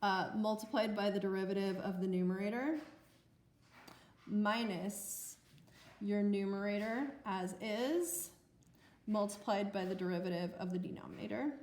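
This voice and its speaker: A woman math teacher talks through a recorded lesson in a chatty, self-mocking way. Her voice sits at a middling pitch. It carries a roomy echo. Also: darkish tone. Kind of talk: recorded lecture.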